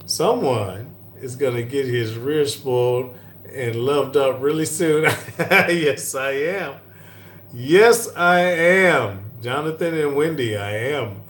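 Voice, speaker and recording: A middle-aged man hosts a live-stream Q&A from an airport, reading viewer comments in a relaxed, chatty way and laughing often. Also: medium pitch, slow pace. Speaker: cooking channel host. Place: airport lounge. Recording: echoey airport with faint hum.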